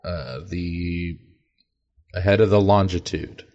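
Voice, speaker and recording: A male podcast guest in casual chat with a slightly low voice. He drops dry, deadpan jokes. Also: slow, highs cut off.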